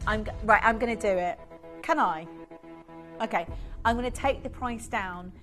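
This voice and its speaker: Excitable woman selling jewelry live. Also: on the high side, moderate pace, faint music behind. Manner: excitable, chatty, laughs often, reads out caller names. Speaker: shopping channel presenter. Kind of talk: live TV sales pitch.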